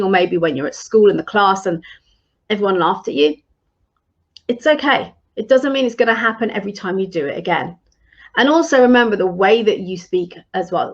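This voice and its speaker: A woman's voice: medium pitch, muffled recording. A woman leadership coach giving advice in a live-streamed talk, earnest and encouraging, with frequent ums and restarts.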